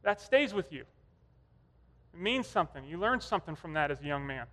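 Brief: male preacher, conversational storyteller, higher pitch, long church reverb. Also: big pitch swings, brisk, a bit bright. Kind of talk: sermon.

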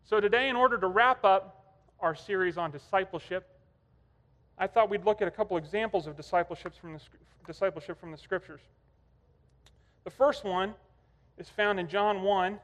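A man's voice: high-pitched, normal speed, fairly bright tone. A man preaching a sermon, telling stories in a conversational way. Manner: conversational storytelling. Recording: long hall reverb.

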